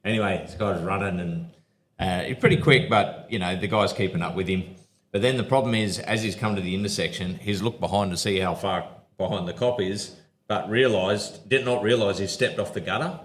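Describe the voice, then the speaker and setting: A man, a police officer, telling rambling stories with halting fillers on a live podcast show. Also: sits low, a bit bright, a little hiss or hum.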